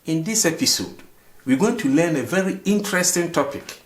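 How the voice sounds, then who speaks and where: A language teacher hosts a slow, repetitive lesson, repeating phrases and asking rhetorical "what?" questions before giving the answer. His voice is on the high side, with lively intonation and a normal speed.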